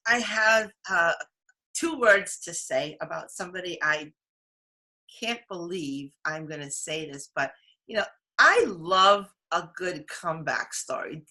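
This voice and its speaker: Woman co-host, bubbly and quick to laugh, bright tone, casual morning chat. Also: on the low side. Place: New York.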